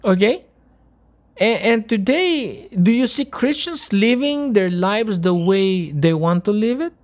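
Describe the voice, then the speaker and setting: Woman preaching slow and fervent, keeps asking the crowd questions, gets emotional. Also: mid-range voice, animated, a little mellow. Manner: impassioned, repetitive rhetorical questions, emotional. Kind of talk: sermon.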